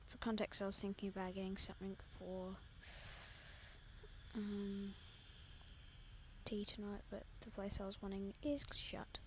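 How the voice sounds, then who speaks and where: A woman's voice: medium pitch, flat delivery, unhurried, pauses often, a little hiss or hum. A Scottish woman hosting a live planespotting stream, rambling chattily and often dropping to a half-whisper. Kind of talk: casual live-stream chat.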